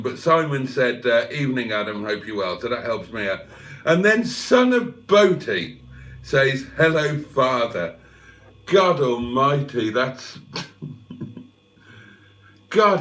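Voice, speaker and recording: A man's voice: medium pitch, big pitch swings, slow, a bit bright. Guy in his 50s doing a chatty livestream, voice bounces all over, swears a lot, takes the mick out of himself. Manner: chatty, self-mocking, swears freely. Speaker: livestream host. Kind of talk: casual livestream chat reading comments.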